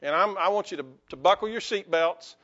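A male pastor delivering a lively sermon in church, joking with the congregation and calling for amens. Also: high voice, a little fast, muffled recording.

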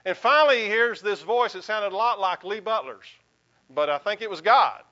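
A man's voice: sits high, lively intonation, moderate pace, sharp tone, muffled recording. A male pastor giving a sermon in an earnest, conversational way, with a folksy sense of humor.

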